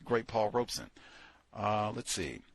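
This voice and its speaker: Male host, book club commentary, husky and lively, incredulous and sarcastic. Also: lowish voice, a little slow, no echo. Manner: animated, incredulous, sarcastic asides. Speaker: podcast host.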